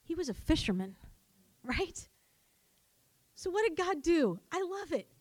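A woman preaching a sermon, animated and calling on her congregation to answer back. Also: very high-pitched, a little slow, no echo. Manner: animated, calls for congregation responses. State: coughing, choked up.

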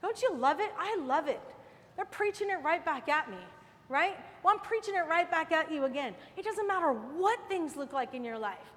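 Middle-aged woman preacher, very high voice, fervent and repetitive, long reverb. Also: animated, normal speed, a bit bright. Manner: fervent, repeats phrases with rising force. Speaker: women's Bible teacher. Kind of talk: sermon.

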